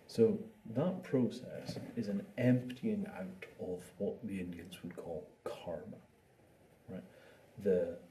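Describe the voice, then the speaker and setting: A low-pitched, warm-toned man teaches meditation in an informal way, acting out the chatter of the mind and repeating words to underline his message. Faint background noise comes through on the distant microphone.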